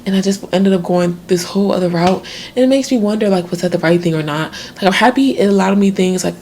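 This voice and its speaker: A woman's voice: mid-range voice, quick pace, darkish tone, a little hiss or hum. A woman in her twenties talking through her worries in a rambling, reflective video diary. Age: 20s. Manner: reflective, rambling, many fillers. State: tearful, crying at times. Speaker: vlogger.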